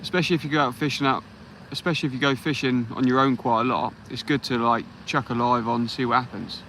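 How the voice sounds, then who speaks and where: Bright-voiced English angler chatting live. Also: male voice, medium pitch, steady tone, quick pace, a little hiss or hum, low-quality recording. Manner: easygoing, greets viewers by name. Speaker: fishing livestream host. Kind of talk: casual live chat while fishing. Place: beach outdoors at night.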